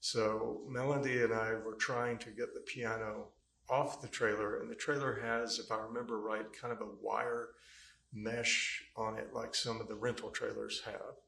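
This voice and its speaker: A man on the witness stand recounts events in a rambling, halting manner, often pausing on fillers. His voice has a gravelly, creaky edge. The courtroom mic picks up noticeable room echo. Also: on the low side, flat delivery, pushed and bright, a little hiss or hum. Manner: rambling storyteller, hesitant with many fillers. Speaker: trial witness. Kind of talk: courtroom testimony.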